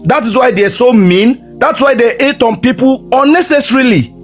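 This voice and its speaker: A man's voice: very high voice, moderate pace, faint music behind. A man lecturing emphatically on a livestream, repeating his questions. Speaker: livestream debater. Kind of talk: heated livestream argument.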